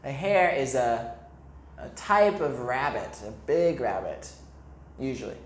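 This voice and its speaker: Animated man reading a picture book to kids. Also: mid-range voice, a little slow. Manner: animated, explains words simply and asks the kids questions. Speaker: English teacher. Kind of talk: reading a picture book aloud to young children. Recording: echoey room.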